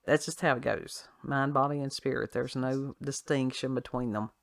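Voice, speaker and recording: A woman's voice: a bass voice, fairly even intonation, normal speed, gravelly, no echo, studio quality. A woman hosting a casual talk show, reading a news story aloud with sarcastic asides and frequent laughs. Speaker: podcast host. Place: at home with her child nearby.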